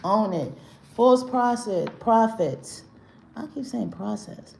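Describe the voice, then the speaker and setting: A woman's voice: on the high side, animated, slow, creaky, darkish tone, slight background noise. A woman hosting a livestream, ranting in a brash, profane and confrontational way, rambling with slang and restarts, her voice echoing in the room. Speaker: livestream host. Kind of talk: unscripted livestream rant. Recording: roomy echo.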